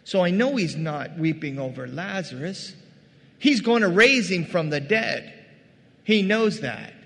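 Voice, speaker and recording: A man preaching a sermon, animated, acting out quoted voices and rising to loud bursts. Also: high-pitched, unhurried, gravelly, in a large hall. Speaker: pastor.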